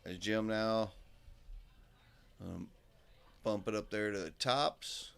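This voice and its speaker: Male play-by-play darts caller, clear low voice, relaxed and talkative. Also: slow pace. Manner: relaxed, chatty, many fillers. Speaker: darts commentator. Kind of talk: live sports commentary.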